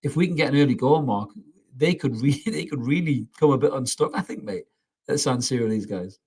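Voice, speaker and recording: A man's voice: mid-range voice, fairly quick, a little mellow, husky. A man co-hosting a football podcast, chatting casually and joking with his co-host. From North East England. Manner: chatty and jokey, says mate.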